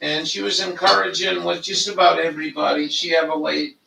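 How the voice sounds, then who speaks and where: Gravelly older man, rambling and profane. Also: fairly high pitch, flat delivery, a little fast, reverberant, recorded from a distance, music in the background. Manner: profane, meandering storytelling. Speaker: vlogger. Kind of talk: rambling monologue.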